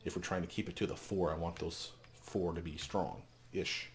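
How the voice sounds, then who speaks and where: A man casually commenting on a fantasy game and reading its text aloud, thinking out loud. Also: sits low, steady tone, normal speed. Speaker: let's play host.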